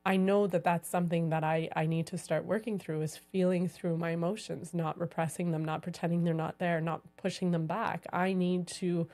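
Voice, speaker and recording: Woman podcast cohost, chatty and reflective, kinda low voice. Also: little pitch movement, moderate pace, hardly any pauses, a little mellow. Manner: reflective, says "like" often. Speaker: podcast co-host. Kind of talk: casual conversation.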